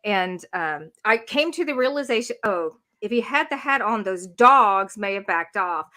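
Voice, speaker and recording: Animated middle-aged Southern woman. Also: medium pitch, moderate pace. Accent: Southern American. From American South. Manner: animated, laughing, exclaiming. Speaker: podcast co-host. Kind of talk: casual chat.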